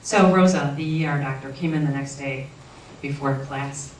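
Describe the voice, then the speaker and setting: Woman guest, earnest halting storyteller, roomy distant recording with faint noise. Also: extremely low pitch. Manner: earnest, halting with frequent restarts. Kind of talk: personal storytelling.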